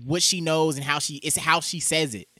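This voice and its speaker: A young man from San Diego, co-hosting a casual podcast, animated and laughing often. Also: on the high side, normal speed. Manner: animated, laughing, mimics voices. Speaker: podcast co-host. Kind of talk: casual chat.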